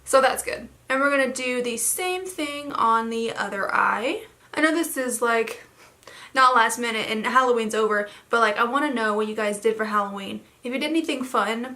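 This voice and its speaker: A young woman with a bright, somewhat high voice talks her way through a makeup tutorial in a loose, rambling way, full of fillers. Her throat sounds a little hoarse. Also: a little fast. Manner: chatty, rambling with many fillers. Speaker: beauty vlogger. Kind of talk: casual makeup tutorial chat.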